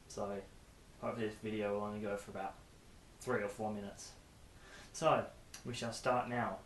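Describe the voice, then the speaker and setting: Chatty young man in an echoey room. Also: lowish voice. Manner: chatty, rambling, self-deprecating asides. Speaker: vlogger. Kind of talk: casual chat to camera. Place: bedroom with posters. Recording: echoey room with faint hiss.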